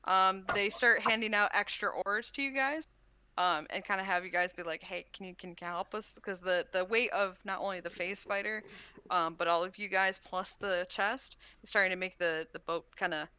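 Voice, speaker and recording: A woman's voice: medium pitch, steady tone, normal speed, sharp tone, smooth, no echo. A woman narrating as game master of a tabletop game, casual with many fillers.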